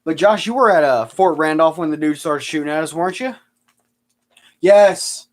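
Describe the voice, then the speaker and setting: Sarcastic chatty man, slightly high voice. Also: normal speed, a little hiss or hum. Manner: sarcastic, rambling storyteller. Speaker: streamer answering viewer questions. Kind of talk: casual live-stream chat.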